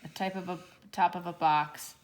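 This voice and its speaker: A woman teaching a children's drawing lesson, gently talking through each step as she draws. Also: fairly low pitch, fairly even intonation, moderate pace. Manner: gentle, encouraging, talks while drawing. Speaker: art teacher.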